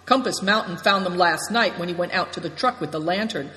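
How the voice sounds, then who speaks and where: A woman's voice: lowish voice, a little fast, bright, forceful tone. A woman reading the part of a forthright young man who speaks politely and formally. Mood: respectful. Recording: long hall reverb.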